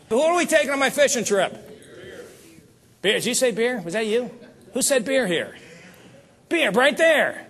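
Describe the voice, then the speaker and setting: A man giving a motivational sales seminar on stage, talking straight to the audience in an animated way. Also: high-pitched, husky. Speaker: seminar speaker.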